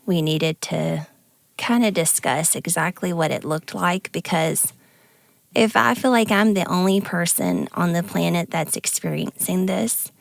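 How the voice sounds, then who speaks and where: A woman with grown kids talks on a podcast, near tears. Her voice is low and gravelly, her manner earnest and halting. The sound is dry and close. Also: no echo. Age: adult with grown kids. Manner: earnest, emotional, halting confessional. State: tearful, near crying. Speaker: podcast co-host. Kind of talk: candid conversational podcast talk.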